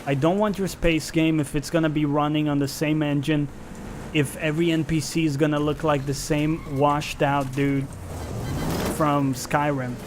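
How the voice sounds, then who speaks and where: A man's voice: on the high side, level tone, normal speed, noisy background. A male game streamer giving casual, sarcastic, profane live commentary while playing and chatting with viewers.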